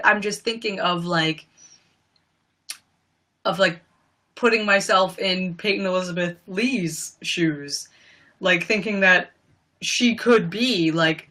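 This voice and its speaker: A woman's voice: medium pitch, sharp tone. A young woman chatting casually on a live stream, gushing and rambling with lots of "like" and "you know.". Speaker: livestreamer.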